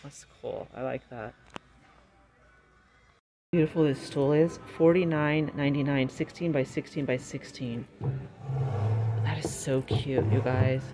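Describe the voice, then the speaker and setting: A woman vlogging as she shops in a large store, talking excitedly and chattily about prices on a handheld phone. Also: very deep voice, measured pace, long pauses, faint music behind. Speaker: shopping vlogger. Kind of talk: casual shop-with-me commentary.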